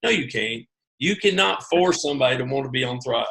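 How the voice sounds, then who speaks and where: A man telling his own story on a video call, animated and poking fun at himself. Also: mid-range voice, a little fast, creaky, background noise. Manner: animated, self-mocking, acts out his own reactions. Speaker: guest sharing his sales story.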